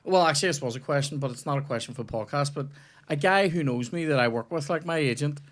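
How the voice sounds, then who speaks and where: Young male comedian host, sweary, animated storyteller, ranting at a football game mid-chat. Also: on the high side, quick pace. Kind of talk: casual chat while playing a football video game.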